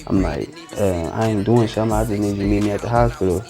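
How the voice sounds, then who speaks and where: A man's voice: on the low side, fast, dark tone, faint music behind. A man, telling a story in casual slang and acting out the dialogue as a guest. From East Oakland, California. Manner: loose, slangy, re-enacts dialogue. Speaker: interview guest.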